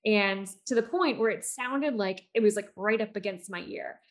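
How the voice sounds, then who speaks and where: A woman guest on a podcast, a speech therapist, telling stories from her work. Her voice is mid-pitched and animated. She talks with lots of fillers and restarts. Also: moderate pace. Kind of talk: conversational storytelling.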